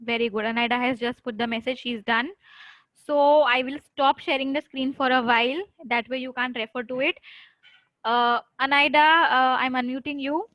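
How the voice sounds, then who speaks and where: Woman, French tutor, online class, English mixed with Hindi, fast drilling questions, bright crisp voice, dry close mic. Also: high voice, fairly even intonation, dry recording, rough recording. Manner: brisk, drilling students with questions and repetition.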